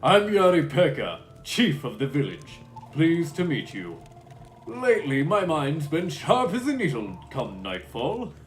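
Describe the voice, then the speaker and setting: A man's voice: on the high side, huge pitch swings, quick pace, hardly any pauses, darkish tone, reverberant, soft background music. A man voicing a hearty older male village chief with a vague Eastern European put-on lilt.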